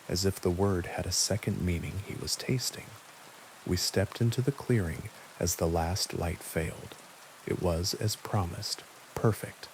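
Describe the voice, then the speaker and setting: Deep-voiced calm male narrator. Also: a little hiss or hum, low-quality recording. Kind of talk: scripted horror narration for sleep.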